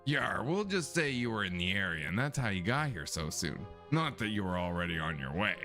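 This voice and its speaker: A man putting on a gruff secretive old man. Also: on the low side, sing-song, fairly quick, sharp tone, faint music behind, voice pushed down, exaggerated voice.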